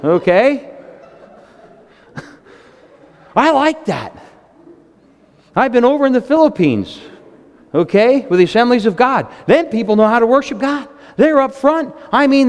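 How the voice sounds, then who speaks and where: Preacher in his fifties, excitable storyteller, high lively voice, reverberant hall sound. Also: clean tone. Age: 50s. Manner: excitable, storytelling, animated swings in pitch. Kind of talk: sermon.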